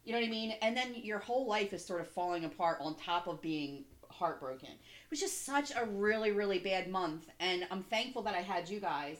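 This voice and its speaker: A woman's voice: mid-range voice, expressive, fairly quick. A young woman co-hosting a podcast in casual chat, candid and rambling, with plenty of fillers and swearing. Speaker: podcast co-host.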